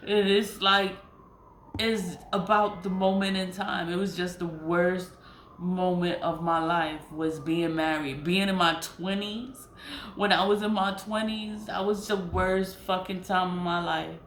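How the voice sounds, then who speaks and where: A woman's voice: on the low side, fairly even intonation, measured pace. Blunt, profane woman in an echoey room. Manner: blunt, profane, repeats herself for emphasis. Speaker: spiritual vlogger. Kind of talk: casual monologue. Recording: echoey room with faint noise.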